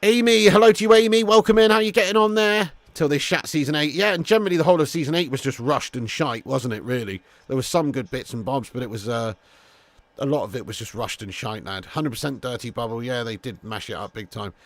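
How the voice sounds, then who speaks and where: A man hosting a live football watch-along, chatting casually to viewers, swearing freely, and getting loud when calling goals. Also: medium pitch, fairly quick, no echo. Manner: casual, laddish, swears freely, calls viewers mate and lad. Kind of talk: live streamed football commentary and chat.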